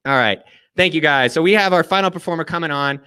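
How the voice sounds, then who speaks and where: Hyped-up guy hosting a live online show, kinda high voice, smooth and close, no room at all. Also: fast talker, pushed and bright, no room sound. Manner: enthusiastic, effusive, plugging guests. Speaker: host. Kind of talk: casual chat on a live video show.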